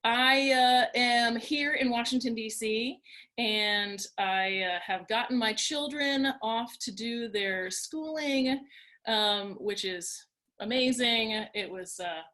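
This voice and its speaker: A woman's voice: a little high, slow pace, bright, forceful tone. A woman presenting an online workshop from her home, talking in an upbeat, conversational way and telling stories. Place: home in Washington, D.C.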